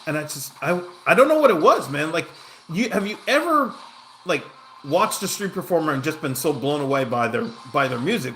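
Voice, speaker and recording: Man, game streamer, bright slightly high voice, rambling storyteller, casual chat. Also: big pitch swings, a little fast, a little hiss or hum. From Southern California. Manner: rambling storytelling, many fillers and restarts, reacts to the game. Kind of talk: casual livestream chat while playing.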